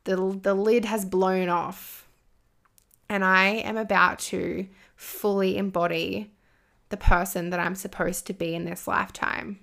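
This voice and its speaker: Slow, gravelly-voiced woman, earnest and emotional. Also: on the low side, flat delivery, fairly bright tone. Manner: earnest, emotional, swears freely, slow deliberate pauses. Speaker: spiritual coach and business owner. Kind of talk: heartfelt personal monologue.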